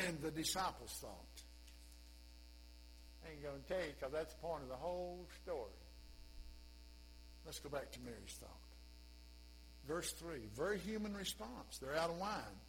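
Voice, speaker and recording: A man's voice: on the high side, expressive, unhurried, vocal fry, long pauses, fairly bright tone, a little hiss or hum, rough recording. A male pastor preaching a sermon in a folksy, conversational way with humorous asides.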